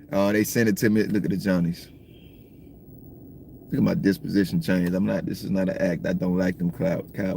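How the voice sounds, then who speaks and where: A man from the States, rambling through a casual livestream chat, slangy and cursing freely while he shouts out viewers. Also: on the low side. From Southern United States. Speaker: livestream host. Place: in a car at times.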